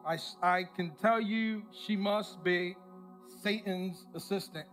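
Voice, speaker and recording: A high-pitched male pastor preaching from the pulpit, spinning a lively, self-mocking personal story and putting on the voices of the people in it. Soft music plays faintly underneath. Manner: animated, self-mocking storyteller who acts out the people he quotes.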